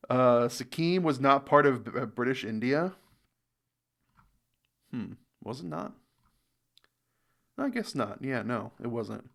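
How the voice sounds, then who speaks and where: An American man hosting a reaction video, reading viewer comments and thinking aloud in a casual, unhurried way with fillers. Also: medium pitch, animated, gravelly, a bit bright. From United States. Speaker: reaction channel host.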